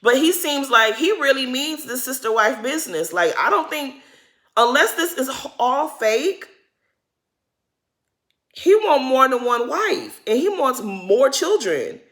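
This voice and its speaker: A woman's voice: high voice, big pitch swings, unhurried, a bit bright. Woman, reality recap vlogger, sassy and outspoken, casual to-camera commentary. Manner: addresses cast members directly as "girl".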